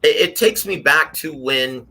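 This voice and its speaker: Husky, very bright-voiced man commentating on boxing. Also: fairly high pitch, unhurried. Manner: animated storyteller, acts out quotes. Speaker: boxing panel guest. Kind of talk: casual panel commentary.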